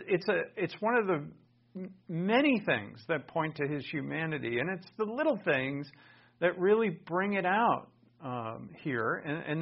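A man preaching a sermon from the pulpit, earnest, with sudden loud emphatic bursts. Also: a little high, husky, highs cut off. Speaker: pastor.

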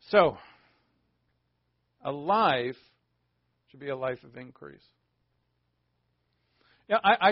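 A pastor preaches a conversational sermon packed with rhetorical questions and informal asides. His voice is on the high side with vocal fry, captured in a dull, dry lo-fi recording with no echo.

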